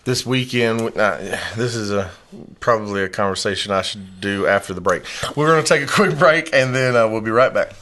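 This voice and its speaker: A man hosting a podcast, telling stories in a relaxed, profane, rambling way full of fillers. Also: on the low side, a little fast, slight background noise. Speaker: podcast host. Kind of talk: casual podcast chat.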